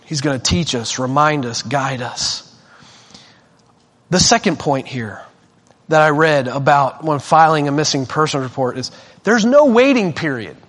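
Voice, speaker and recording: A male preacher tells a personal story during a sermon, animated and self-deprecating, often restarting his sentences. His voice is fairly high and his pace a little slow.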